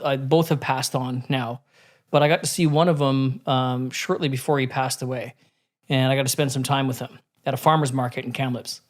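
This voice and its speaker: A man in casual podcast conversation, telling a candid story with frequent swearing and many restarts. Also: mid-range voice.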